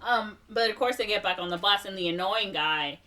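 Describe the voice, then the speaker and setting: A woman's voice: mid-range voice, a little fast, pushed and bright, recorded from a distance. A young woman co-hosting a podcast, casually recapping a movie plot and acting out the characters' lines with lots of fillers. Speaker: podcast co-host.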